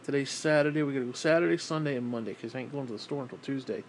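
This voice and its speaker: A man's voice: medium pitch, racing, a little hiss or hum. A man rambling casually on camera, swearing often and switching into baby talk with his pet. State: broke and frustrated. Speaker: vlogger.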